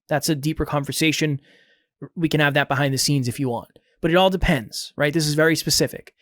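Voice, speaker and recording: A man's voice: on the high side, a bit bright, dry recording, studio quality. A man hosting a podcast, giving direct, motivational advice in a casual coaching talk with lots of repetition.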